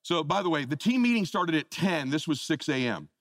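A man in his fifties giving a motivational speech on stage, telling stories with acted-out voices and dropping low and soft when speaking prayerfully to the audience. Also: big pitch swings, fairly quick, dry recording, studio quality.

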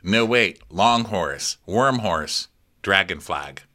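A man's voice: sits low, lively intonation, pushed and bright. A man co-hosting a podcast, making wry jokes and reading out his notes as he recaps a TV episode. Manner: wry, quick jokes, acts out silly voices. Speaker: podcast co-host. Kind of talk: casual recap chat.

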